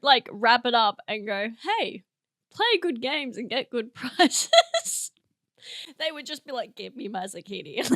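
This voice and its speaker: A woman's voice: fairly high pitch, sharp tone, dry recording, clean studio sound. A young woman hosting a comedy podcast, rambling and giggling through a monologue, teary from laughing. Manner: giggly, rambling, self-interrupting.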